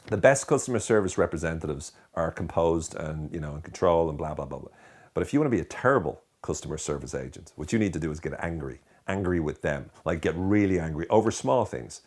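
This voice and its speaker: An Irish man in his thirties hosting a comedy monologue, talking in a bored, deadpan, sarcastic drawl. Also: sits low, fast. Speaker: host.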